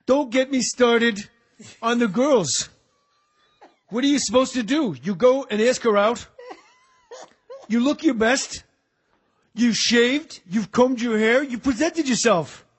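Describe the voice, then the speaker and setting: A man putting on the voice of a gruff aging tough-guy actor doing bad stand-up, ranting in a gravelly, barking way. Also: very high voice, slow pace, long pauses, pitched above the performer's own voice, exaggerated voice.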